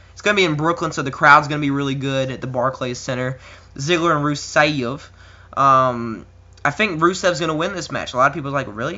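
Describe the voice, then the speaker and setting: A man's voice: mid-range voice, pushed and bright, dull audio. A young man casually giving wrestling predictions on his own, rambling with lots of ums and uhs and little chuckles. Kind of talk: casual solo commentary.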